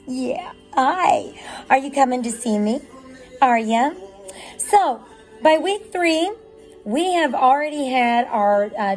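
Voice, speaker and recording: A woman's voice: a little high, poor audio. A woman dog breeder in a casual vlog, chatting and explaining with filler ums.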